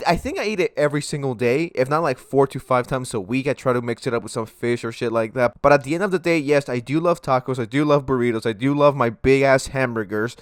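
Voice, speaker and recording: A man's voice: mid-range voice, fast, few pauses, dry recording, studio quality. A young man giving sarcastic, swear-heavy reaction commentary from his room. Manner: sarcastic, ranting, swears freely. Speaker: commentary YouTuber.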